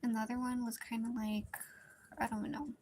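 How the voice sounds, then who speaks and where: Soft-spoken young woman rambling casually. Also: fairly high pitch, little pitch movement, fairly quick, a little hiss or hum. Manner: rambling, filler-heavy storytelling with soft whispered stretches. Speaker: drawing streamer. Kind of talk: casual chat while drawing.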